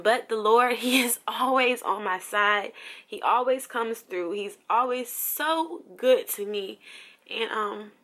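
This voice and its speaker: A woman's voice: medium pitch, bright, forceful tone. A young woman from New Jersey talking through a personal update in a casual, emotional vlog, full of fillers. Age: young adult. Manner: chatty, lots of fillers, emotional. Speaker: vlogger.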